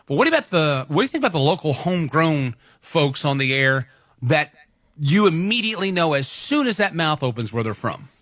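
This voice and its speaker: A man co-hosts a morning radio show and wanders conversationally through his points. His voice has a bright, forward edge. It is heard dry and close at a studio mic. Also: on the high side, very animated, fairly quick, no echo. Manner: rambling, conversational. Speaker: radio co-host. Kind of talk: casual morning radio chat. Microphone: studio microphone.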